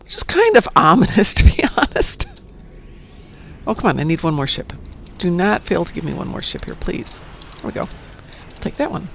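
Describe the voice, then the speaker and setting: A woman's voice: lowish voice, big pitch swings, moderate pace, creaky, long pauses, a little hiss or hum. A woman streaming a game, chatting casually, telling stories and cheering at the game. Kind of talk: casual chat while gaming.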